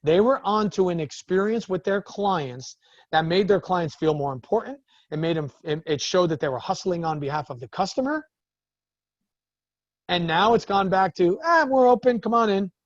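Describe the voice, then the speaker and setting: Male business coach, higher voice, lively storyteller who acts out exchanges, close and dry sound. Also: moderate pace, no echo, muffled recording. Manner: animated storytelling, acts out the other people in his stories. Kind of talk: talking to a group of business owners.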